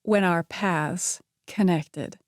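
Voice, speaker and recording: A woman's voice: on the low side, drawn-out words, no room sound, clean studio sound. A woman reading the part of a playful, charming young man who jokes drolly and teases lightly. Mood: teasing.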